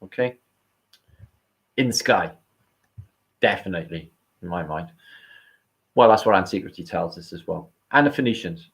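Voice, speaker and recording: A man's voice: sits low, normal speed, vocal fry, long pauses. A man with a British accent hosting a casual livestream, rambling, swearing and thanking viewers by name. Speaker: livestream host. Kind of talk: casual live-stream chat.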